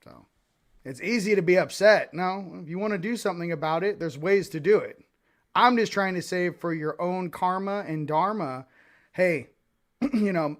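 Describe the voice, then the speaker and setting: A man hosting a casual livestream card reading, rambling and fired up, with frequent restarts and asides. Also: on the high side. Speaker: host of a spiritual card-reading stream.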